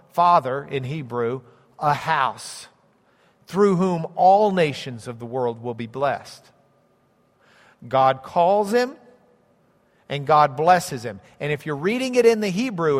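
Man, preacher, high voice, emphatic repetition, long hall reverb. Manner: teaching with a map, emphatic repetition. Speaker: pastor. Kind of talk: sermon.

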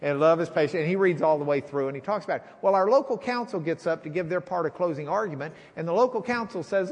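A middle-aged man preaching a sermon, telling a courtroom story and acting out the voices with lively energy. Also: high voice, quick pace, few pauses. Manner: animated storyteller, acts out voices. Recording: hall reverb.

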